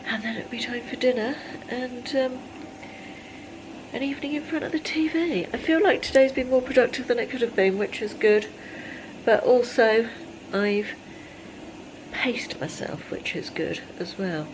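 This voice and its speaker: A woman in her fifties chatting casually in a rambling day-in-the-life vlog, full of ums and restarts, sometimes dropping to a soft near-whisper. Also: a little high, moderate pace, pauses often, noisy background. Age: 50s. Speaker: lifestyle vlogger.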